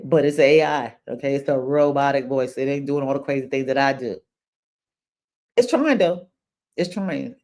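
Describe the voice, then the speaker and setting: A woman's voice: rumbling low, dark tone. An older woman from New York with a New York accent, hosting her own podcast in a chatty, unscripted monologue, repeating phrases and breaking into exclamations. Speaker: podcast host. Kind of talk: casual monologue.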